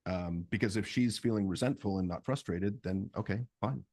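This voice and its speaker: A middle-aged man co-hosting a couples therapy podcast, explaining in a calm, measured way. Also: on the low side, no room sound. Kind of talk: casual chat with role-play.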